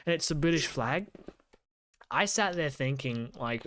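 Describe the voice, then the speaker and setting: Young male co-host, smooth clear voice, dry close sound, rambling casual talk full of fillers. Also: on the high side, animated, unhurried, a bit bright, no echo. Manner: rambling, many fillers and blah blah. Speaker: podcast co-host. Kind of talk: casual chat while gaming.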